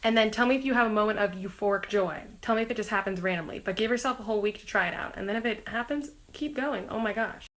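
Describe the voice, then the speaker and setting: A woman's voice: medium pitch, fast talker, hardly any pauses, a bit bright. A young woman chatting to her fans in a casual vlog, bubbly and full of "like", still a little sick. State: recovering from being sick. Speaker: singer talking to fans.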